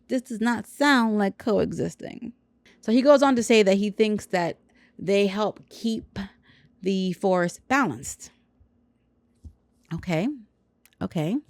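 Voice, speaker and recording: A woman's voice: mid-range voice, no room sound. Sarcastic woman podcast host. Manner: sarcastic, wry commentary. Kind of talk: reading news with sarcastic asides.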